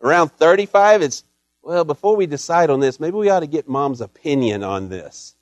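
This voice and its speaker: A middle-aged man preaches in a folksy, storytelling manner, mixing humor into his sermon. His voice sits a little higher than most men's. The sound is dry and close, with no room echo. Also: animated, normal speed. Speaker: pastor. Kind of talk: Mother's Day sermon.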